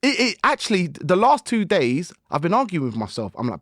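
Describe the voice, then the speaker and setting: A man, a guest musician on a podcast, telling stories in lively slang and acting out his own inner voice. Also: high-pitched, fairly quick, dry recording, clean studio sound. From United Kingdom. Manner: animated storytelling with slang and acted-out self-talk. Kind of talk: casual podcast conversation.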